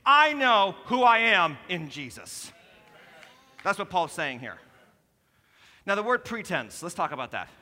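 Male pastor, animated sermon voice, high and bright, joking with sudden shouts, long church reverb. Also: measured pace, pauses often. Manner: animated, jokey preaching with sudden shouts and drops to soft tones. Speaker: lead pastor. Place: church sanctuary. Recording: preached in a hall with long reverb.

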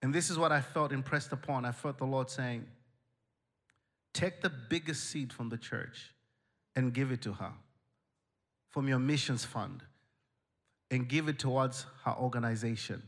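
A male pastor preaching a sermon, telling a story with humor and lively animation. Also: medium pitch, a little slow, pauses often.

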